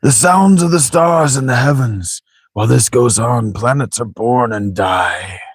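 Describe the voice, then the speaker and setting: A man voicing a wise old elder who chuckles "ho ho ho" and speaks slowly, with a gravelly, husky voice. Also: mid-range voice, no echo, studio quality, pitched above the performer's own voice. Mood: sage. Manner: chuckling "ho ho ho", slow measured speech.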